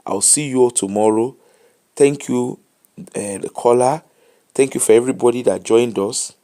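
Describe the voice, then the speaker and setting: A man's voice: medium pitch, moderate pace, dark tone. A tired man with a Nigerian accent hosting a late live show, giving casual commentary and advice in English mixed with Pidgin.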